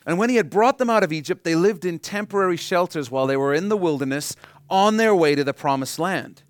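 A pastor preaching a sermon, moving between loud, emphatic lines and hushed, pleading ones. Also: male voice, medium pitch, no room sound, clean studio sound.

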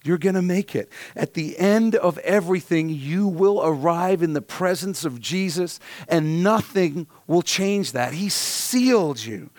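A man preaching a sermon to his congregation, earnest and emphatic, repeating key phrases and sometimes dropping to a soft, hushed delivery. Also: high-pitched, dry recording. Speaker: pastor.

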